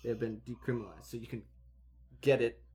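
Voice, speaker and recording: A man's voice: medium pitch, fast, a little mellow. Offhand man in casual chat.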